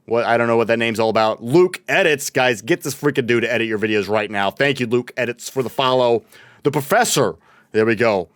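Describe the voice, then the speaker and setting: Young male streamer, casual chatty delivery, mid-pitched and resonant, close and dry. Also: fairly quick, dry recording. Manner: chatty, reads chat aloud and thanks followers. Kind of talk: casual livestream chat while gaming.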